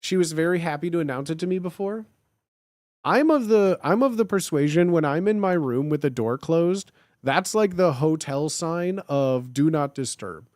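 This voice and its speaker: A man's voice: on the high side, moderate pace, no echo, studio quality. A young man in his twenties chatting casually and jokingly on a live stream, reading and answering chat. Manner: animated, jokey, slangy.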